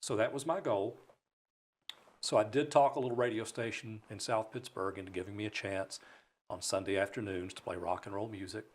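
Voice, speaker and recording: Guest spot: man from Alabama, lowish voice, animated self-mocking storyteller in a studio. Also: fairly quick. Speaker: broadcaster guest. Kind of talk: storytelling in a talk show interview. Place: radio studio.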